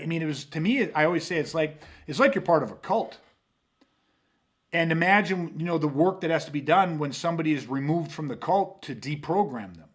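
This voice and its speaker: A man hosting a podcast about self-defense, telling stories animatedly with lots of swearing and restarts. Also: on the high side. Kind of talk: casual podcast talk.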